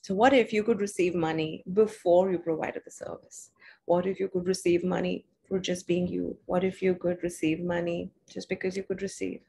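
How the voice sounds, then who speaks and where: A woman leading viewers through a guided money exercise on a live stream, talking in a soothing, repetitive coaching way with soft laughs. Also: lowish voice, fairly even intonation, normal speed, creaky, husky.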